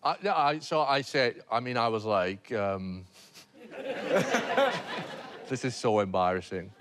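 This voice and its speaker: A man's voice: lowish voice, measured pace, pauses often, a bit bright. A man telling a comic story on a TV panel show, hesitant and self-mocking, with many fillers and restarts.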